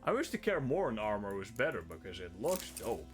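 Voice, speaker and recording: His voice sits lowish with big pitch swings, and he talks fairly quickly over soft background music. The man, from the Netherlands, casually narrates a live game, poking fun at himself and cursing often as he sorts his inventory.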